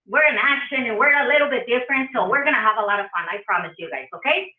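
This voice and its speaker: A woman's voice: on the high side, animated, fast talker. A woman with a Spanish accent, a public health trainer giving a chatty, playful conference talk. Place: conference room. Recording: far-off echoey phone-like audio.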